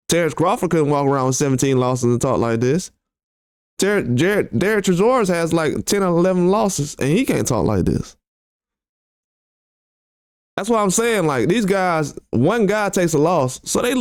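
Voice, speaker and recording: Man, boxing commentator, casual reaction talk, blunt, slangy, smooth voice, dry close sound. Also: medium pitch, a little mellow, no echo. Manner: blunt and conversational, with slang and rhetorical questions. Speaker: boxing commentary channel host. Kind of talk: casual reaction commentary, reading tweets aloud.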